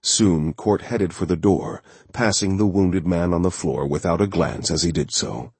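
A man narrating a thriller audiobook in a steady, measured way. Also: low-pitched, husky, no room sound.

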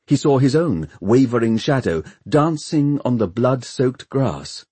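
Husky-voiced man narrating a story. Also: mid-range voice, dry recording. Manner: measured, expressive storytelling. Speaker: audiobook narrator. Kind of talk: scripted narration.

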